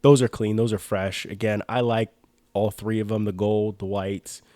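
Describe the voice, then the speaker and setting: A man's voice: on the low side, flat delivery, moderate pace, mellow, no echo. A young man co-hosting a sports podcast in casual chat, laid-back, laughing often and repeating words. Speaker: podcast co-host.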